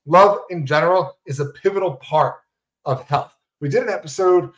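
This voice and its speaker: A man hosts a podcast in a relaxed, conversational tone. His voice sits a little high for a man. He wanders into friendly asides while steering the talk. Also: normal speed. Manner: conversational, chatty, rambling asides. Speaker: podcast host. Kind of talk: casual interview chat.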